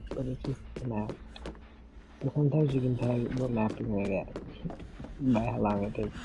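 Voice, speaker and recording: A man's voice: mid-range voice, normal speed, background noise. A man chatting casually as he streams a video game, rambling and laughing often. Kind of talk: casual gameplay commentary.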